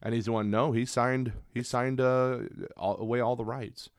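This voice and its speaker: A man's voice: medium pitch, fairly even intonation, normal speed. A man co-hosting a podcast, chatting casually and enthusiastically with lots of restarts. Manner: rambling, enthusiastic, frequent restarts. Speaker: podcast co-host. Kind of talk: casual chat.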